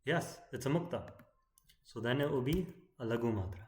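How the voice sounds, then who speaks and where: A man teaching poetic meter in an explanatory lecture, often checking in with "right?" and chanting verse lines slowly. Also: medium pitch, lively intonation, darkish tone, reverberant. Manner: keeps asking "right?" as he explains.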